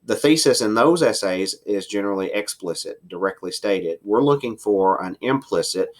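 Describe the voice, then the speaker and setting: Deep-voiced male teacher walking students through an essay assignment, steady explanatory delivery. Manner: explanatory, varies pace for emphasis, occasional fillers. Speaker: writing teacher. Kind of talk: recorded lecture to students.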